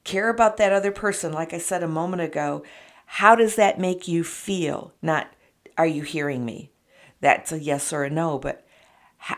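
A woman giving earnest, encouraging relationship advice, speaking straight to her viewers. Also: on the low side. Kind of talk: advice talk to camera.

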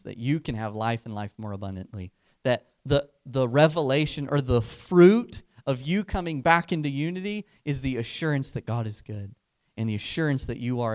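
A man preaches in an ordinary mid-range voice, building energy as he tells a story. He then eases into slow, quiet emphasis to drive home his message. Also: mid-range voice. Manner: animated, building excitement in the story; slows down and softens for emphasis. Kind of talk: sermon with storytelling.

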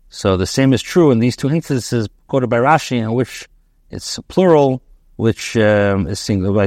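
A man teaching as a rabbi, reading a text phrase by phrase and translating it, pausing with ums and correcting himself. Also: medium pitch, no echo, studio quality. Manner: reads a phrase, then translates it, with frequent ums and self-corrections. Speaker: rabbi teaching a daily Torah class.

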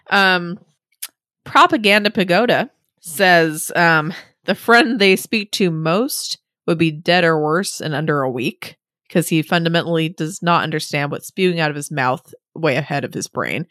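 Lower-voiced laughing woman, dry sound. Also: moderate pace, dry recording. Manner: relaxed, laughing, rambling asides. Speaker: podcast co-host. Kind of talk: casual podcast chat reading listener submissions.

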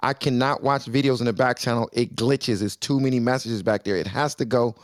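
A man's voice: mid-range voice, fairly even intonation, dry recording, studio quality. A man hosting a live audio chat room, cutting in and moderating a heated discussion. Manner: fast-talking, interrupting to keep order. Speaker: host.

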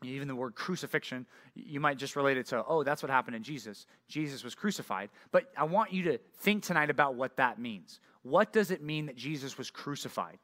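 A man's voice: mid-range voice, expressive, fairly quick, fairly bright tone. A young male pastor giving a casual, conversational sermon, telling stories with lots of fillers. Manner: conversational, filler-heavy storytelling.

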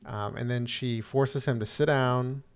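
A man in casual conversation, walking his co-host through a TV episode. He rambles a little, fills pauses with ums and restarts his sentences, all at an ordinary middle pitch. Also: steady tone, clean tone. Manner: rambling, many "um"s and restarts, acts out quotes. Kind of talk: casual chat recapping a TV episode.

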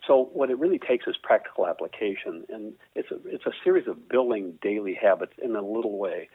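A man's voice: lowish voice, expressive, a little fast, slightly rough, no room sound. A man, a father and podcast guest, earnestly explaining with frequent "right?" tags. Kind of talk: casual interview answer. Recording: tinny phone-like call line.

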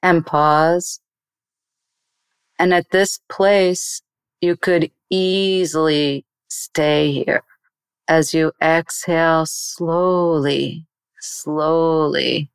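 A woman meditation teacher explaining meditation in an interview and then slowly guiding a breathing exercise in a soothing voice. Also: deep voice, little pitch movement, clean tone, no echo.

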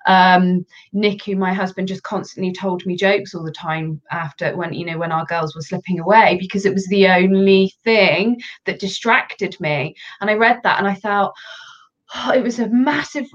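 A woman guest in a casual chat, telling personal stories in an animated, candid way. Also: medium pitch, normal speed. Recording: dull lo-fi audio.

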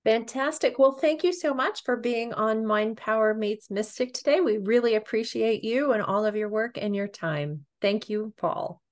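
A woman co-hosting a podcast who thanks her guest warmly and closes the interview. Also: a little high, moderate pace, few pauses. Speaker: podcast co-host.

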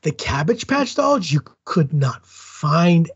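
Man, high voice, husky, dull lo-fi sound, casual co-host saying dude. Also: sing-song, takes it slowly, no room sound. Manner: reactive, says dude. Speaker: podcast co-host. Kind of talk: casual chat.

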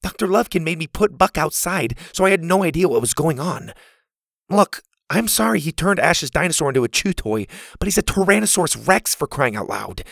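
A man voicing a worried boy at camp who talks in an earnest, quick, defensive way. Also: on the high side, sing-song, gravelly, a bit bright, dry recording, clean studio sound, pitched above the performer's own voice, full character voice. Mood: exasperated. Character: worried boy camper pleading his case.

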